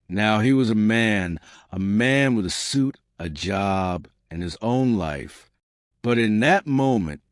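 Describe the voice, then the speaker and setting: Man, storybook narrator, lowish voice, slow and measured, dry close recording. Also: no room sound. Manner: plain short sentences, measured. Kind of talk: scripted storybook narration for English learners.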